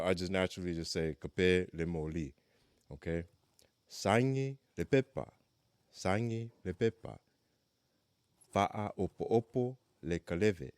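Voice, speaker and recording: Low voiced guy teaching a language class, dry close sound, says phrases slow so you can repeat. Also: dry recording. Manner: relaxed, repeats phrases slowly for learners. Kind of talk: casual language lesson.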